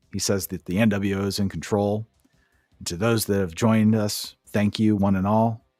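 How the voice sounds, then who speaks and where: A man's voice: lowish voice, darkish tone, no room sound, clean studio sound. A man co-hosting a podcast, giving a sarcastic, profane play-by-play recap in casual chat. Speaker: podcast co-host.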